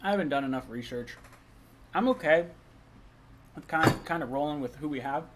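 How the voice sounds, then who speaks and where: A man's voice: on the high side, fairly quick, a little hiss or hum. Chatty young guy eating on a stream. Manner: loose, chatty, eating while talking. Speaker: live stream host. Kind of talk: casual live stream chat reading chat messages.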